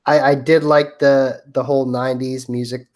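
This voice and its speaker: A man co-hosting a casual movie podcast, talking in a relaxed way and checking his notes. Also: mid-range voice, moderate pace. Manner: relaxed, reads from notes with fillers. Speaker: podcast co-host. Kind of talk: casual chat.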